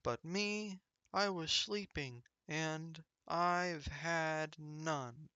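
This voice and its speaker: A man puts on a big, grumpy storybook bear who has just been woken and feels left out. His complaints come out whiny and drawn out in a raised, bright, clear voice. The sound is close and dry. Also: on the high side, very slow, no room sound, dull audio, exaggerated voice. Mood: sulky.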